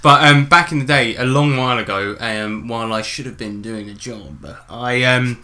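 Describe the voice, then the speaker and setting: A man's voice: mid-range voice, steady tone, normal speed, pushed and bright. A man co-hosting a tabletop gaming podcast, chatting casually in a jokey, sweary, rambling way. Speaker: podcast co-host. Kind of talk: casual chat.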